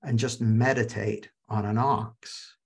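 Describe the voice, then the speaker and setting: A man voicing a calm male Zen master in a story he tells, in a gravelly voice. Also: fairly low pitch, takes it slowly, heavily acted.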